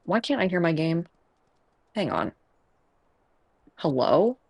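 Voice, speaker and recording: The speaker is a game streamer from the Midwest US with a Chicago accent, voice mid-range, husky, creaky, slow, and very animated. During casual live-stream chat while gaming, the talk is rambling and chatty, packed with fillers and self-aware laughs. The setup is earbuds plus a desk mic.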